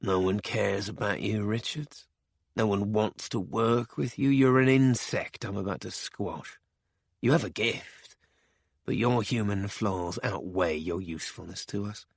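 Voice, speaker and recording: A man voicing a ruthless spymaster who talks quietly and with cold contempt. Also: fairly low pitch, unhurried, creaky, dry recording, studio quality.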